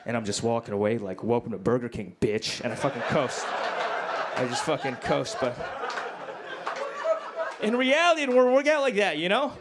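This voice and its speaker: A male stand-up comedian doing a crude, self-mocking set, dropping to low mumbles and then bursting out loud. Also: animated, moderate pace, pauses often, crowd noise. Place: comedy club stage. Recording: live club recording with noticeable background noise. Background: audience laughter.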